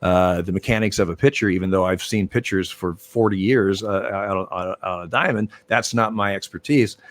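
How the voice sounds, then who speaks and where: A man's voice: low-pitched, normal speed. An older man, a former umpire, telling stories in a casual interview, rambling with many fillers and restarts. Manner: rambling, many fillers and restarts, animated when retelling arguments. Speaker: former baseball umpire, guest.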